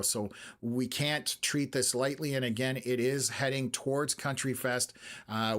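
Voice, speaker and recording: Man, live storm commentary, halting with lots of fillers, slightly hoarse voice, mid pitch. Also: a bit bright. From Canada. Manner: halting, many "uh" fillers, urgent warnings. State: voice going a little hoarse. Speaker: weather stream host.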